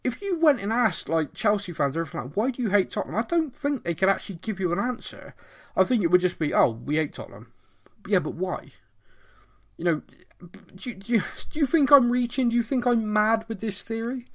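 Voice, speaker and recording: A middle-aged man from Bristol with a mild Bristolian accent, co-hosting a podcast in a rambling, animated casual chat. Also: high-pitched, brisk. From Bristol, England. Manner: animated, rambling, thinks aloud. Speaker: podcast co-host.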